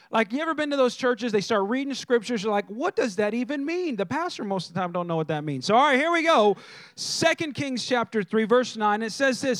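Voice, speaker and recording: A man's voice: extremely high pitch, fairly bright tone, dry recording, clean studio sound. A man preaching a sermon as a pastor, telling Bible stories in a joking, conversational way with slang and acted-out lines.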